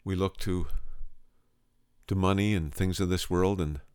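A man's voice: sits low, steady tone, unhurried, darkish tone, smooth, dry recording. A male preacher telling a story in a sermon, earnest, restarting phrases and repeating words for emphasis.

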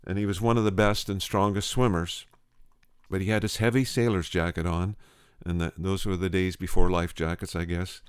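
A man's voice: sits low, little pitch movement, moderate pace, clear, resonant tone, no echo, studio quality. A male preacher telling a story in a sermon, earnest, restarting phrases and repeating words for emphasis.

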